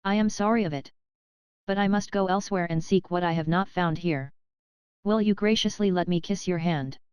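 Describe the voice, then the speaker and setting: A woman's voice: fairly low pitch, moderate pace, a little mellow, smooth, no room sound, close to an everyday voice. A woman reading the part of a passionate young French lady's maid who pleads fervently. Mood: mild.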